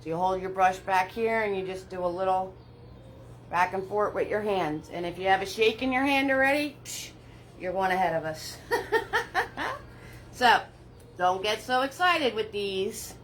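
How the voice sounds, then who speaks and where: This painting instructor has a mid-range, animated, slightly bright voice, and she narrates every brushstroke of her live paint-along with easy encouragement and small laughs. Her pace is slow and relaxed. The recording is rough, and faint background noise comes through.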